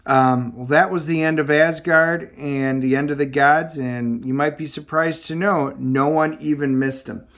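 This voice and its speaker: A man's voice: on the high side, steady tone, unhurried, hardly any pauses, a bit bright. A man reviewing comic books and retelling the story in a casual way, with many fillers and restarts.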